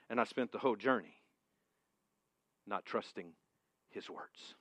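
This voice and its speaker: A male pastor preaching a sermon to a congregation in a church room, emphatic and moving between booming and hushed. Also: unhurried, no room sound.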